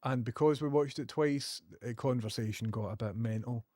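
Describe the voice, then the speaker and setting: A man's voice: mid-range voice, normal speed, dark tone, no echo, studio quality. A Scottish man chatting casually on a live stream, joking and laughing often.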